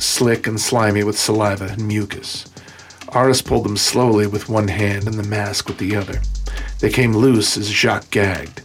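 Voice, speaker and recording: A man with a fairly low voice narrates an audiobook from a script, keeping his delivery steady and measured.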